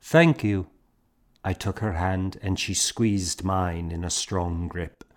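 Man, narrator, measured storytelling, slow, lowish pitch. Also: level tone. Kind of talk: scripted narration.

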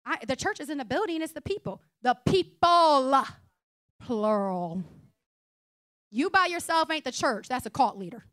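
A young woman pastor preaching a conversational, humorous sermon in a blunt, animated way. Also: high-pitched, moderate pace, no room sound. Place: church sanctuary.

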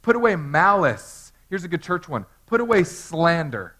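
A man preaching a sermon as a pastor, shifting between quiet reflection and emphatic exhortation with playful asides. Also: on the high side, big pitch swings, moderate pace, low-quality recording.

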